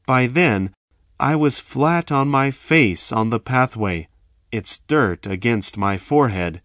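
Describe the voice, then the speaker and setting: A man telling a first-person story in a slow, measured, dramatic way. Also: mid-range voice, animated, fairly bright tone, no echo, clean studio sound.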